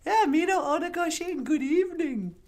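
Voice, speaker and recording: Bubbly falsetto puppet woman, giggly, flirty, chirpy, very high and lively, as a man puts her on. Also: moderate pace. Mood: bubbly, sweet. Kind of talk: puppet show comedy.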